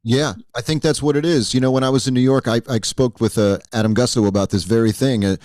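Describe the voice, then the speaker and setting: A man hosts a podcast in a relaxed, conversational way, nodding along and sharing stories of his own. His voice sits at an average pitch, and the recording is dry with no room sound. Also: fast talker, no echo. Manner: easygoing, affirming listener. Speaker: podcast host. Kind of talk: casual interview chat.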